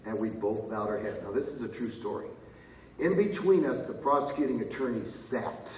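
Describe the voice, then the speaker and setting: A middle-aged man telling a personal story to an audience, lively and loud, acting out what others said. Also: medium pitch, moderate pace, a little hiss or hum. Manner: lively, loud bursts and laughs, slips into voices of others. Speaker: speaker telling his story at a live event. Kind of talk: animated storytelling with acted-out quotes. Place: large casino hall. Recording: roomy, distant, dull audio with ambience.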